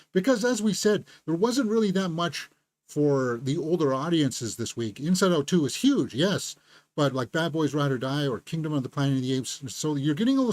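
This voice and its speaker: A man's voice: fairly high pitch, a little mellow, no echo. A man hosting a casual movie news live stream, rambling with many fillers and restarts.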